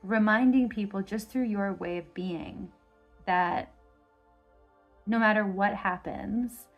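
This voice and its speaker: A woman of medium pitch rambles through a tarot reading, stringing her thoughts together with endless fillers. She sounds effusive and enthusiastic. A faint bed of music sits behind her voice. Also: slow pace, dull audio. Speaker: tarot reader. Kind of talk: casual pick-a-card tarot reading.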